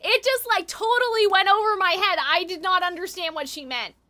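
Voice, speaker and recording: A woman's voice: very high-pitched, fairly quick, pushed and bright. A young woman streamer reacting emotionally to a game, gushing with lots of fillers. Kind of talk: casual live reaction commentary. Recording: game audio playing behind.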